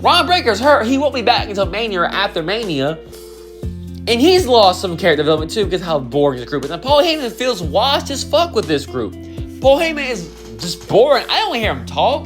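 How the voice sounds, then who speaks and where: Animated, cursing man ranting over music. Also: high voice, moderate pace. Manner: profane, exasperated, emphatic. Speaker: wrestling commentary video creator. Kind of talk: opinionated rant to camera.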